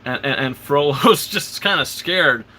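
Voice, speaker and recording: Host, man, eager rambling film recap; sharp, bright tone, slightly high pitch. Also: measured pace. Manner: excited, rambling retelling full of fillers and restarts; quotes characters in passing. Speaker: host of a live show. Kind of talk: casual film recap on a livestream.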